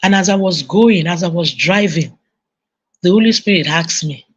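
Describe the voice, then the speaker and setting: Nigerian woman preaching with animated storytelling. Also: fairly low pitch, a little slow, pauses often, slightly rough, lo-fi sound. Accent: Nigerian English. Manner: animated storytelling, acting out voices. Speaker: conference speaker. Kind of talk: sermon-style parenting talk.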